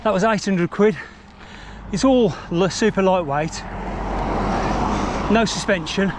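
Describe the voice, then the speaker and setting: A man's voice: sits high, slow, background noise. A man giving chatty, meandering commentary outdoors while out riding and reviewing a mountain bike. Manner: chatty, meandering, self-deprecating. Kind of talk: rambling ride commentary. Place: outdoors on countryside trails.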